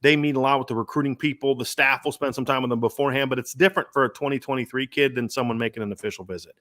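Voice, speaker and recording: A man's voice: mid-range voice, steady tone, rapid-fire, fairly bright tone. A man hosting a sports podcast, talking in an emphatic, rambling way with many restarts. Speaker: podcast host. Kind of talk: casual sports talk.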